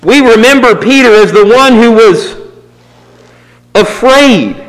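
Male preacher, high and very animated, reverberant hall sound. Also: takes it slowly. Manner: swings from raised emphatic lines to low quiet asides. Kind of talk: sermon.

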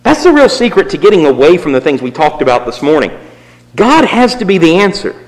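Male preacher, high and very animated, reverberant hall sound. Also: fairly quick. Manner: swings from raised emphatic lines to low quiet asides. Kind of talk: sermon.

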